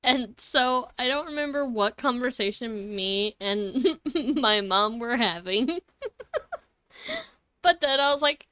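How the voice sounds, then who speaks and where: A woman's voice: fairly high pitch, lively intonation, takes it slowly, pauses often, sharp tone, clean tone, no room sound. A woman streaming a video game live, chatting casually, giggling often and swearing freely. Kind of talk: casual live gaming commentary.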